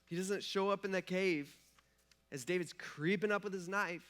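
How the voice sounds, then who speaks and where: A man's voice: sits high, normal speed, fairly bright tone. A male pastor preaching a sermon in a casual storytelling way, slipping into the characters' voices as he retells the story. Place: church.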